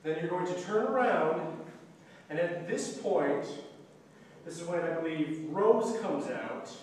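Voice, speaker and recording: A man's voice: a little high, lively intonation, slow pace, darkish tone. A young man explains stage blocking in a casual way, singing the music cues and acting out the lines. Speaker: student play director. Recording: echoey hall, distant mic, faint noise.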